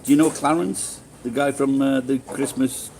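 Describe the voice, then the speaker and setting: A middle-aged Sheffield man from England chats with his live-stream audience in a rambling, sweary manner full of restarts. His mid-range voice has a darkish tone, fairly even intonation and a moderate pace, heard on a low-quality recording with slight background noise.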